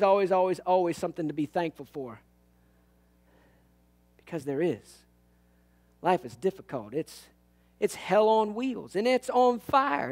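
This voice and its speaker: A pastor with a high-pitched voice preaches an animated, folksy sermon. He swings from loud bursts to hushed tones and tells humorous stories.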